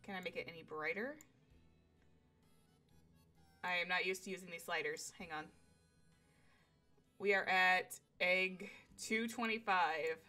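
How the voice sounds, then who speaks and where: A young woman streaming a game live from home on a desk mic, excitable, swearing freely and talking to her chat. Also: lowish voice, a little slow, long pauses, soft background music.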